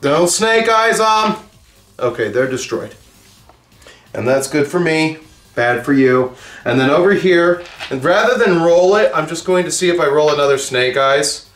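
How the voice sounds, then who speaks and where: A man's voice: on the high side, animated, moderate pace, fairly bright tone. Profane joking gamer man, echoey room. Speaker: tabletop game player and channel host. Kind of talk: casual battle report banter.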